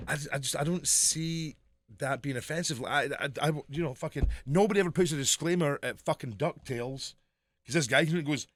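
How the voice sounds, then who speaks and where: A man's voice: fairly high pitch, fairly quick, no room sound. A middle-aged man co-hosting a podcast, rambling casually, swearing a lot and laughing often. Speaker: podcast co-host. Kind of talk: casual banter.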